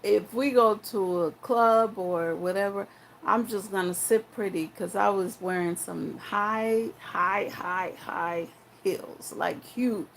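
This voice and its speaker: Slow, gravelly young woman telling a story. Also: mid-range voice, a little hiss or hum, rough recording. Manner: rambling, frank and profane, with many restarts. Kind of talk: casual personal storytelling.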